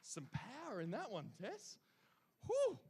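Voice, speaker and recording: A high-voiced man reads out award winners at a ceremony, taking his time over each name. He cheers each winner on and chats between announcements. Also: wildly swooping pitch, slow, mellow, slightly rough. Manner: enthusiastic, chatty asides between names.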